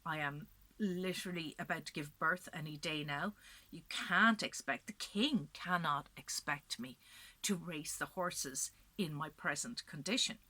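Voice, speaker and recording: A woman's voice: sits low, husky, dry recording, full character voice. A woman telling Macha, pleading pregnant woman. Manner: pleading, then cursing in a slow, hushed voice. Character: heavily pregnant magical woman, proud and defiant. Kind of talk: storytelling.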